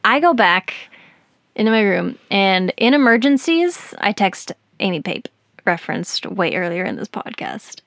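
Give me a woman podcaster telling a story in an animated, giggly way, recorded close and dry. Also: mid-range voice, unhurried, dry recording. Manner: animated, giggly, lots of fillers. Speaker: podcast host. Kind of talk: casual storytelling chat.

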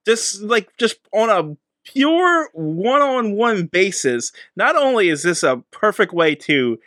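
A man's voice: high-pitched, very animated, slow pace, sharp tone, no echo, studio quality. A man co-hosting a casual movie review podcast, emphatic and judgmental, repeating his points. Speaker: podcast co-host.

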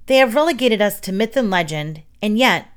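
A woman's voice: mid-range voice, expressive, fairly quick, natural voice. Woman voicing a sly talking coyote. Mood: wry.

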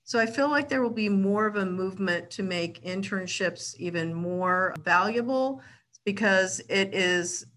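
A woman's voice: fairly low pitch, fairly bright tone. A woman hosting a podcast discussion, sharing her predictions in a conversational, think-aloud way. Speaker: podcast host.

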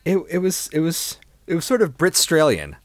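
Wry man with a lively voice. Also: a little high, moderate pace, no echo. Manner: wry, teasing. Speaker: podcast co-host. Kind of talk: casual book-discussion chat.

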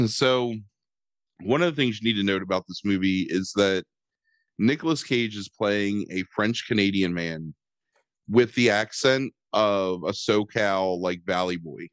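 A man's voice: fairly low pitch, a little slow, dry recording. A man chatting casually as a podcast host about a movie, rambling and sarcastic, swearing and filling gaps with "um" and "like.". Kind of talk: casual chat.

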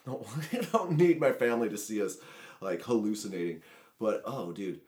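A man chatting casually on a podcast, telling animated stories with laughs. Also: lowish voice, normal speed. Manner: animated storytelling with shouted quotes and laughs. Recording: echoey room.

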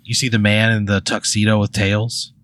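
A man co-hosting a comedy podcast, telling an improvised story deadpan and filling his talk with "like". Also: lowish voice, normal speed, no room sound, poor audio. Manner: deadpan, heavy use of "like". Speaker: podcast co-host.

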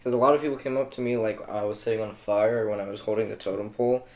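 A man's voice: on the low side, steady tone, rapid-fire, darkish tone. A young man co-hosting a podcast, making dry, wisecracking remarks in a casual chat.

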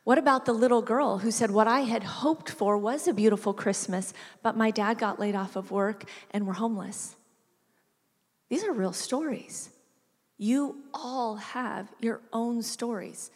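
Recorded in an echoey hall, a female preacher with a fairly high voice takes her time recounting a family story in her sermon. She brings the characters to life by performing their voices with lively shifts.

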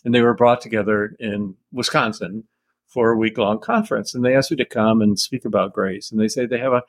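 An older American man, an author answering interview questions in a measured, thoughtful storytelling way with soft chuckles. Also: fairly low pitch, steady tone, no room sound.

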